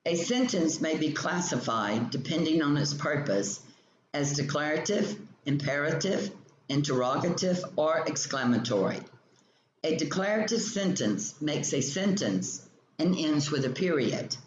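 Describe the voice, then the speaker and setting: A male teacher slowly reading a grammar textbook lesson aloud, explaining each example sentence step by step. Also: fairly high pitch, animated. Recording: roomy, dull lo-fi sound with faint ambient noise.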